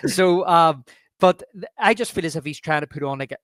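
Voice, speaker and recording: A man from Northern Ireland with a Belfast accent, co-hosting a casual film podcast and acting out movie lines in quick impressions. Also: a little high, a bit bright, no room sound, clean studio sound. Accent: Northern Irish (Belfast). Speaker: podcast co-host.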